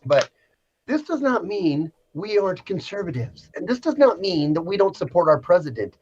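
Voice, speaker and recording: A man co-hosting a casual livestream, indignant and animated as he talks. His voice sits fairly high and swings widely in pitch. The audio is dull and lo-fi. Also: normal speed. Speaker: co-host.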